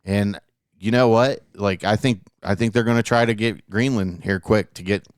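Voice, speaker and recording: A man with a lowish voice talks through a casual podcast chat in an earnest, rambling way, swearing freely and trailing off into fillers. His voice sits close on a studio mic with a dry, dead sound. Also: fairly even intonation, normal speed, dry recording. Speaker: podcast co-host.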